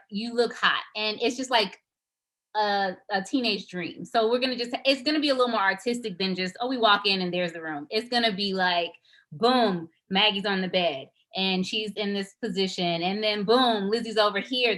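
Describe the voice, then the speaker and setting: A woman's voice: medium pitch, pushed and bright. A young woman, the writer and director, talking casually to her cast on a video call and then reading a script's stage directions aloud. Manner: chatty, effusive, reads stage directions aloud. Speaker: writer and director leading a table read.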